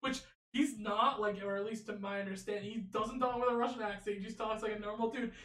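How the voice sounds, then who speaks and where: A young man co-hosting a casual sports podcast, an excitable storyteller who laughs often. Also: high voice, fast, reverberant, recorded from a distance. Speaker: podcast co-host.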